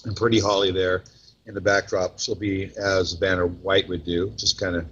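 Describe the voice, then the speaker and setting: A joking man hosts a casual podcast from a restaurant table, talking between bites. His voice is husky and on the low side. The recording sounds dull and lo-fi. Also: little pitch movement, moderate pace, a bit bright. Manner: joking, self-mocking, chatty while eating. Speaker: podcast host. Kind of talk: casual chat.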